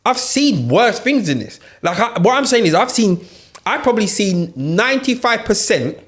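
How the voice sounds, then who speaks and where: A man, co-hosting a casual group chat and telling stories with animated, rising outbursts. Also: sits high, normal speed. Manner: animated storyteller, laughs and raises his voice. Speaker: podcast co-host.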